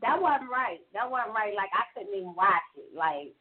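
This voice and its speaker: A woman's voice: medium pitch, lively intonation, moderate pace, a loud crowd. A woman co-hosting a casual radio talk show, chatty and agreeing, saying "like" often. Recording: tinny phone-like audio.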